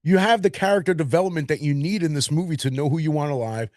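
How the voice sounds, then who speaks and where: A man from Queens with a New York accent, co-hosting a casual film podcast and talking in long animated run-on stretches. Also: fairly high pitch, fast talker, no room sound, clean studio sound. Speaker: podcast co-host. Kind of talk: casual chat.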